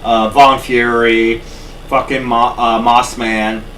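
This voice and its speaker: Animated, profane man on a podcast. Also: medium pitch, takes it slowly. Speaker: podcast co-host. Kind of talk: casual chat. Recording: distant mic with faint noise.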